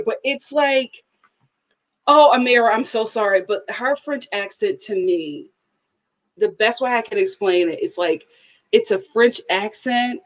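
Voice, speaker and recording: A woman giving a candid, chatty review of a reality TV show on her YouTube channel, often breaking into laughter. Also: fairly high pitch.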